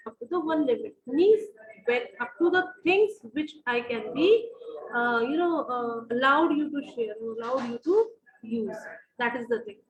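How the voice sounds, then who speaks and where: A woman with an Indian English accent gives an online university lecture in a high voice, filling her sentences with "uh", repeating phrases and quizzing her students. The sound is a bit dull and lo-fi, as from a video call. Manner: repeats phrases, many fillers, asks the class questions.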